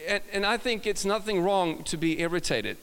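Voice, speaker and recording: A man's voice: high-pitched, moderate pace, a bit bright, smooth. A man with a Swedish accent preaching a sermon, telling stories with frequent restarts and repeated words. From Sweden. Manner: storytelling with frequent restarts and self-laughter. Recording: long hall reverb.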